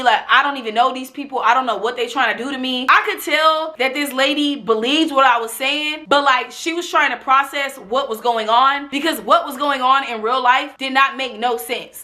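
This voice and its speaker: A young woman from Los Angeles tells a story to her viewers with a high, bright voice. She talks bluntly, swears freely and tells it dramatically. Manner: animated, blunt and profane, dramatic retelling. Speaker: vlogger. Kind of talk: storytime vlog.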